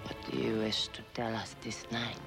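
An actress playing a con artist posing as a medium, with a sultry, scratchy voice and a put-on accent, taken from a film soundtrack. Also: female voice, rumbling low, little pitch movement, creaky. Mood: solemn. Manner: slow, solemn incantation in a fake exotic accent. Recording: film soundtrack with music and rain. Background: music and rain.

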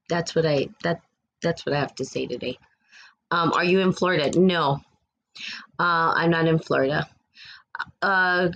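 Low-voiced woman with a New Mexico accent. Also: creaky, fairly bright tone, dull audio, a little hiss or hum. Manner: earnest, repetitive, talks to viewers' comments. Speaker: livestream host. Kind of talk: spiritual livestream chat.

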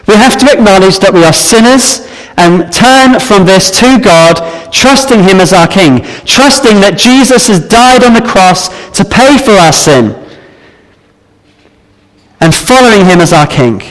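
Man, preacher, high voice, earnest sermon, long hall reverb. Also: animated. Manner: earnest, measured Bible exposition with some restarts.

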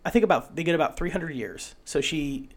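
A man's voice: on the high side, fairly quick. Man with a head cold, chatting casually. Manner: rambling, jokey, swears casually. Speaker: podcast co-host. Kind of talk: casual movie review chat.

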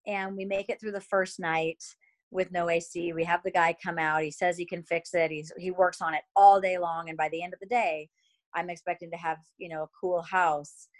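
A woman's voice: on the low side, flat delivery, normal speed, rough recording. A woman in her thirties telling a personal faith story about motherhood in a candid, chatty way, full of fillers and emotional asides.

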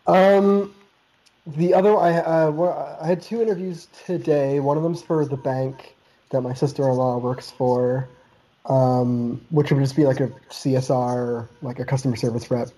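A man from Canada talking in a casual podcast chat, his voice very dark and mellow. He rambles loosely, leaning on "like" and dropping casual swear words. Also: mid-range voice, steady tone, unhurried, rough recording. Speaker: podcast co-host.

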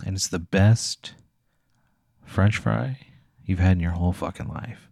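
A man narrating a tabletop role-play game as game master, telling scenes in a loose, profane, vivid way. His voice sits a little low, and it is recorded close and dry. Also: measured pace, creaky, a little mellow, breathy edge, no room sound. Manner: casual, profane, vivid storytelling.

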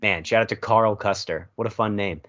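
Podcast co-host, male, mid pitch, rambling wry delivery, dull lo-fi recording. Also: brisk, a bit bright. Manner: rambling, filler-heavy, wry. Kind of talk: casual chat.

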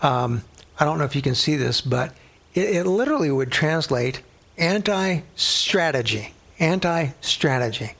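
Guy teaching a bible study, gravelly kinda husky voice, earnest and chatty, goes whispery sometimes. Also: fairly high pitch, lively intonation, measured pace, a bit bright. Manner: earnest, conversational, drops to a whisper for emphasis.

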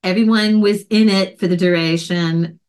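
A woman's voice: mid-range voice, moderate pace. A woman podcast host in casual chat, telling a story with animation and acting out the voices of others. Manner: animated, acts out quoted voices.

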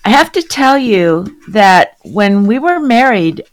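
A woman answers interview questions plainly and in a friendly way. Her voice sits at an ordinary middle pitch. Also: very animated, slow. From San Diego, United States. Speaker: guest. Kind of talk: casual interview chat.

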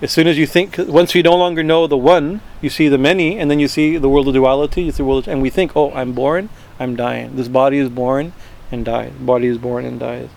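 A man teaching a verse-by-verse scripture class, chanting Sanskrit words slowly and then translating them, with many fillers and restarts. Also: medium pitch, fairly even intonation, creaky, a little mellow.

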